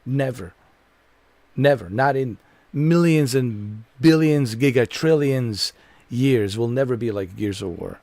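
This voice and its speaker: A man's voice: mid-range voice, takes it slowly, dark tone, dry recording. A man giving a gameplay commentary rant, exasperated and profane, repeating his complaints over and over. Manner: exasperated, profane, repetitive ranting. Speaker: gamer streamer.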